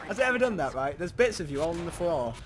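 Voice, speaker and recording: A young man from England in casual game commentary, excitable and shouting during the action. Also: fairly high pitch, quick pace, a crowd in the background. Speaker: gaming video host.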